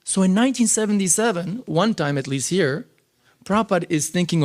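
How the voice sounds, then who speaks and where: A man teaching a scripture class in a temple, lecturing in an animated, conversational way with frequent fillers. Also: high voice, fairly quick.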